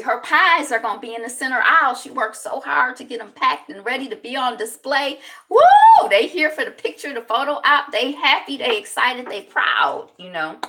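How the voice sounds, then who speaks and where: Bright-voiced woman recapping a TV episode. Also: mid-range voice. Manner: animated, chatty storytelling with many fillers. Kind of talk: casual spoken recap.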